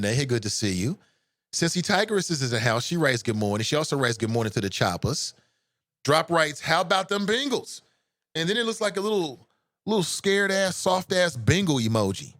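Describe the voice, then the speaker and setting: A man hosting a live call-in radio show, chatting with listeners in an animated, joking way that turns earnest. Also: on the high side, a little fast, no echo. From United States.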